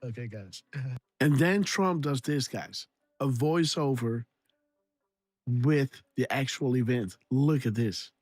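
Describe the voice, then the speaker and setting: A man's voice: medium pitch, slow pace, darkish tone, slightly rough, no room sound, clean studio sound, soft background music. Laughing man hosting a casual livestream. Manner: laughing, repeats himself, imitates sound effects. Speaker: livestream host.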